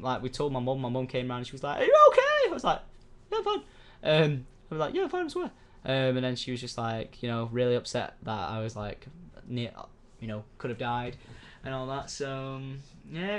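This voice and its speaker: Young male vlogger, casual, rambling, sweary storyteller who acts out quoted voices. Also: medium pitch. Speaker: YouTuber.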